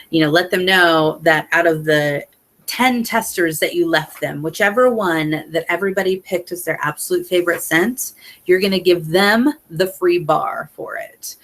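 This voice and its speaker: A woman's voice: low-pitched, fairly bright tone. A young woman giving a casual motivational talk to her sales team, chatty with many fillers, earnest and openly emotional. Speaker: independent sales consultant.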